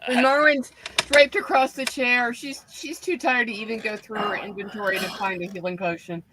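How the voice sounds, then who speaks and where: A player at a tabletop game flatly narrates a character in the third person, in a mid-range voice. A noticeable noisy hiss sits behind the speech. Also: mid-range voice, moderate pace. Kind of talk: casual tabletop play. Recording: noisy background.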